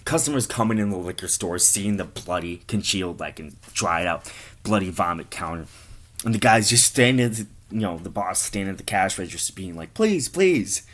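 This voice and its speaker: A man improvising a comic story in a loose, rambling way, swearing freely as he goes. His voice sits fairly low. The delivery is offhand and conversational. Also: brisk, a bit bright.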